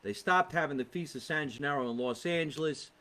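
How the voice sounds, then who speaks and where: A man's voice: on the high side, a little fast, a bit bright. A male comedian with a thick New Jersey accent hosts a laid-back live podcast, reading viewer comments aloud. His voice sits slightly above the usual male range. He rambles from topic to topic with exasperated asides.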